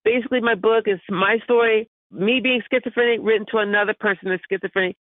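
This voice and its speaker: A woman's voice: mid-range voice, fast, no echo. A woman being interviewed as an author, speaking with joyful religious fervor and laughing often. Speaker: author guest. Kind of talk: phone interview. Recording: tinny phone line.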